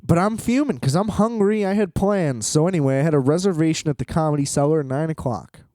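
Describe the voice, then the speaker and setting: A man's voice: a little high, fast talker, mellow, no echo, clean studio sound. A tired man rambling in a solo vlog from a hotel room, exasperated, swearing and laughing often. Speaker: vlogger.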